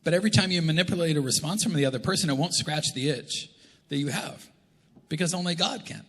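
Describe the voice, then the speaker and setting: Male pastor, fairly high, bright and forceful voice, chatty joking sermon, big church echo. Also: quick pace. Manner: conversational, joking preaching. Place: church auditorium. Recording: long church reverb.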